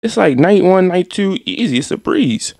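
Gravelly young man, animated slangy game commentary. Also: high-pitched, moderate pace, no echo. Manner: animated, trash-talking, slangy. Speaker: gaming streamer. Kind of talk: casual gameplay commentary.

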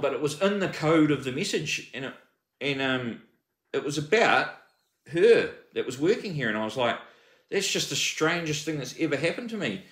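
A man tells his personal story in an agitated, rambling way, breaking off and starting sentences again. His voice is fairly high and bright. The sound is roomy, with a noticeable echo. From New Zealand. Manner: agitated, rambling, with frequent restarts and swearing.

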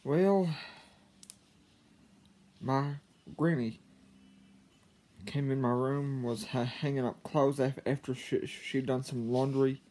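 A man telling a personal story to his viewers, halting, with frequent stammers and restarts. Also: mid-range voice, steady tone, warm tone. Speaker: vlogger. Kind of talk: casual storytelling to camera.

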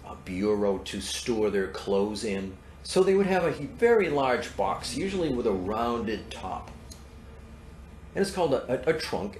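A man introducing a storybook to children, lively and asking them questions along the way. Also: fairly low pitch, reverberant, a little hiss or hum. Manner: lively, asks the listeners questions. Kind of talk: talking to children before a reading.

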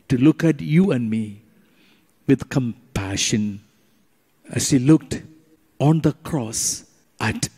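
A middle-aged man, a priest, preaching slowly and emphatically during Eucharistic adoration, with long pauses between phrases. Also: medium pitch, dark tone. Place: church or retreat chapel. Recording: long hall reverb.

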